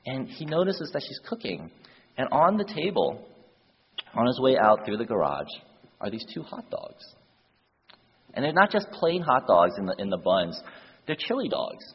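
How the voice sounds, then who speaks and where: A man preaching a sermon through an animated story, shifting voices for the characters and using casual fillers, recorded with dull lo-fi sound in a reverberant church hall. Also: mid-range voice, normal speed, long pauses, slightly rough.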